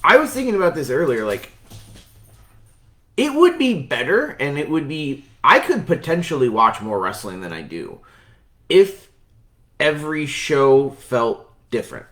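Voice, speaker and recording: A man's voice: fairly high pitch, big pitch swings, a little slow, fairly bright tone. A man co-hosting a wrestling podcast, talking bluntly and profanely in a rambling, casual way. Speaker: podcast co-host.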